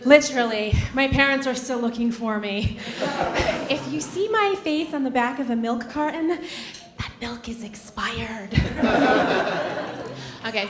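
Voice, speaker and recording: A woman in her thirties from Massachusetts performs stand-up on a comedy club stage, her voice sitting a touch high. She lands punchlines in a wry, sardonic way, and the room gives her voice a roomy ring. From Massachusetts, USA. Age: 30s.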